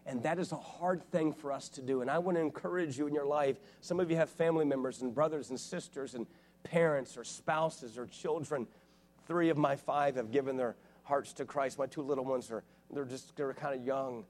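Fervent male preacher telling stories. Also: medium pitch. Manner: earnest, rising to fervent and loud; halting restarts and repeated words. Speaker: guest preacher. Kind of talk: sermon with personal storytelling. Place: church, live before a congregation.

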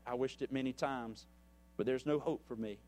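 A man voicing a young prince who is ashamed and despairing, speaking quietly and brokenly. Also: on the high side, steady tone, normal speed, big-room sound, lightly acted.

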